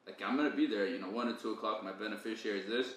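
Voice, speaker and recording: A man's voice: fairly low pitch, racing. A young man, telling stories in casual chat with lots of slang and laughter. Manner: slangy, laughs often, says "bro" a lot. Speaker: podcast co-host. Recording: very echoey room, faint ambient noise.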